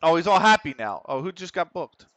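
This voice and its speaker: Streaming live, this man narrates a football management game with plenty of excitement and quick curses, speaking right to his players on screen. His fairly high voice is bright and forceful, and the recording has no room sound.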